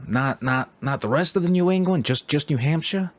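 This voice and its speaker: A man's voice: on the high side, animated, normal speed, voice pushed up, lightly acted. A man putting on a pushy middle-aged New Yorker, brash and insistent, repeating himself. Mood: incredulous.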